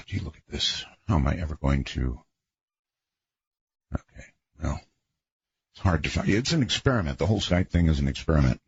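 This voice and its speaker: A radio talk show host, a man with a husky voice, talking in a rambling, conversational late-night monologue with folksy asides. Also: extremely low pitch, expressive, fast, hardly any pauses, muffled recording.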